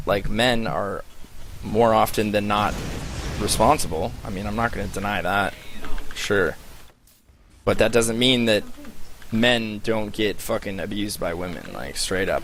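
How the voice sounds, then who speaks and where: Low-voiced guy ranting, swears a lot, says like constantly, faint hiss behind. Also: expressive, a little slow, pauses often, fairly bright tone. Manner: heated, profane, filler-heavy storytelling. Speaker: streamer. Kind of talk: casual ranting monologue.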